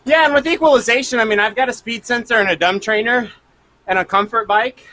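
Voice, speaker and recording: Male rider, high bright tone, relaxed, self-mocking laughter. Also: brisk. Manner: easygoing, laughs at himself. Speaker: rider and father on the stream. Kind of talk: casual chat.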